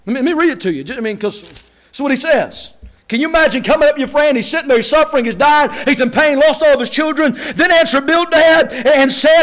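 A man preaching a sermon, acting out quotes and shouting key lines for emphasis. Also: very high voice, fairly quick. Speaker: pastor.

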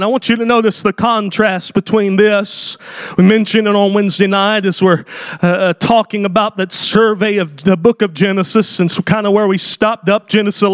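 A man preaching a sermon as pastor, impassioned and swelling into shouts, with cries of oh and hallelujah. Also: high voice, no echo. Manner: exclamations of oh and hallelujah.

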